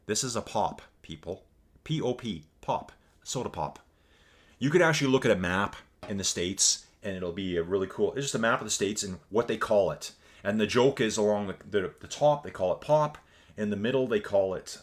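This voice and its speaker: Rambling Canadian man calling a race. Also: on the low side. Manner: rambling, chatty, reads viewer chat aloud. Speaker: virtual race commentator and streamer. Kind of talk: casual live-stream race commentary.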